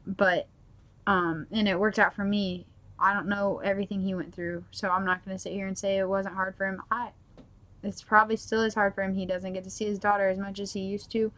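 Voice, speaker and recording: A woman's voice: mid-range voice, flat delivery, fairly quick, a bit bright. A young mother sharing her faith testimony at home in a casual, rambling way, full of filler words. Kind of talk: personal testimony vlog.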